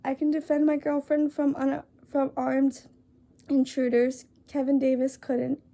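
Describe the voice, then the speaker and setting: A young woman talking earnestly to camera, halting and apologetic, with many fillers and restarts as she reads a list aloud. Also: high voice, completely flat delivery, warm tone. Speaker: vlogger. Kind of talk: earnest casual talk to camera.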